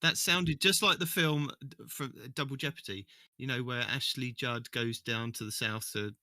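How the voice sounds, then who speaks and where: A man's voice: mid-range voice, fairly even intonation, normal speed, bright, forceful tone, dry recording. A man co-hosting a casual podcast, easygoing and jokey. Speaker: podcast co-host and editor.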